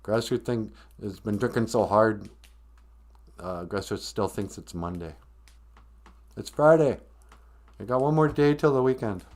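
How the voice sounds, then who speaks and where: A man's voice: fairly low pitch, a little slow, pauses often. A man hosting a podcast, telling a story in a jokey, rambling way with sing-song asides. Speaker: podcast host. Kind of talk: comedic storytelling.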